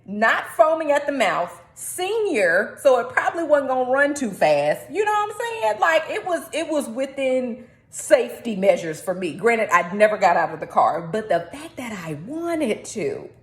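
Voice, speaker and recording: Young woman vlogging, chatty, voice bouncing all over, echoey room. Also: moderate pace. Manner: chatty and animated, jumps into high squeals. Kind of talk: casual talking-head vlog.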